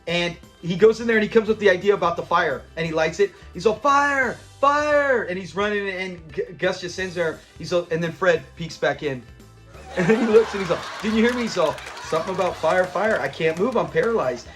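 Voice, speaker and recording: A man with a high voice chats casually through a sitcom episode he loves, quoting the characters' lines and breaking into laughter. His delivery is animated and full of playful mimicry. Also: brisk, soft background music. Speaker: host of a show review channel.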